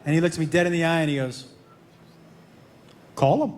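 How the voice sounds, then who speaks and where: A man telling a stand-up story on stage, acting out both sides of a conversation and dropping his voice low for the other person. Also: steady tone, racing, heavy background noise. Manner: acts out dialogue, drops voice low for his son. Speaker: stand-up comedian. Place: comedy stage before a live audience. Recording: echoey club with crowd laughter. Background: audience laughter.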